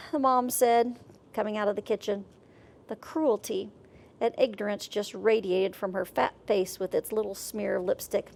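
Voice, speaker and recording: A woman reads a literary story aloud for adults, expressive and wry. Her mid-pitched voice carries a noticeable gravelly fry. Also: normal speed.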